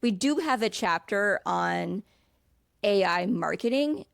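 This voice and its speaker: A woman's voice: mid-range voice, expressive, takes it slowly, creaky, a bit bright, dry recording, clean studio sound. A woman hosting an interview, talking in a rambling, casual way with lots of filler words. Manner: rambling, many fillers like 'like'. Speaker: podcast host.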